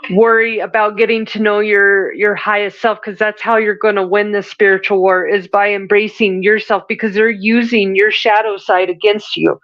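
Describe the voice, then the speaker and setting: A woman delivers a spiritual reading to her listeners in an earnest, preachy way, often circling back and restarting her sentences. Her voice sits at an ordinary middle pitch. The sound is dry and a little muffled. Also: fairly bright tone, no echo. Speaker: spiritual reader and podcast host. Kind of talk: channeled spiritual message monologue.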